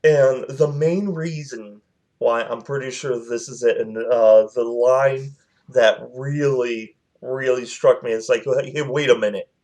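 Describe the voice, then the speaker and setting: Slow, rambling man telling a story. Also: medium pitch, fairly even intonation, darkish tone. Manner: rambling, with many fillers and quoted dialogue. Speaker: channel host telling a personal story. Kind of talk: casual storytelling vlog.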